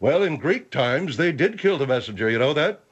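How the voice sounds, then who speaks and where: A man's voice: fairly high pitch, expressive, moderate pace, slightly rough, lo-fi sound. A man voicing a stiff, formal older man who over-explains himself, in a radio comedy bit. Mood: stuffy. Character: pompous long-winded older man, the General.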